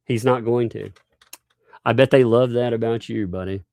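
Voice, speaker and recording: A livestream host with a mid-range, slightly mellow voice and some vocal fry rants at a normal speed in a steady tone. He's combative and mocking, swears freely, and laughs between lines. The audio has no echo.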